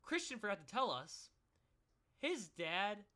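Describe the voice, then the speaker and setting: A young man tells a story about his own life in a loose, rambling way, full of fillers and little laughs. His voice is bright and a little tense, sitting slightly high for a man. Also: measured pace. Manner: rambling, animated, laughs often, many fillers. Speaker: vlogger. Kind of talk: casual storytelling.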